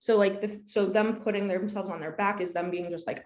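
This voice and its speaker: A young woman co-hosting a podcast, chatting casually and telling an animated story, acting out both sides of an argument. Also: medium pitch, brisk. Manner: animated storytelling, acts out quoted exchanges. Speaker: podcast co-host. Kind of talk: casual chat.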